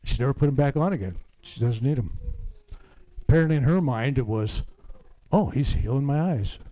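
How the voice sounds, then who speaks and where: An older reverend leading a healing service, rambling through anecdotes with stumbling restarts and dropping to a hushed murmur for healing prompts. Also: male voice, mid-range voice, lively intonation, moderate pace, low-quality recording. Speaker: faith healer reverend.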